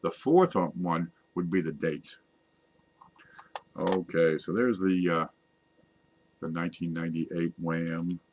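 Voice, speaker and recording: A man's voice: low-pitched, slow pace, long pauses, a little mellow. A man casually walking viewers through close-up coin images, chatty and self-mocking. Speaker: coin collecting video host. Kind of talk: casual screen-share show-and-tell.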